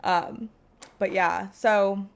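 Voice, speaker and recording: A woman's voice: medium pitch, steady tone, very slow, creaky. A woman co-hosting a tabletop gaming podcast, chatting casually with fillers and frequent laughter. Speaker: podcast co-host. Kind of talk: casual chat.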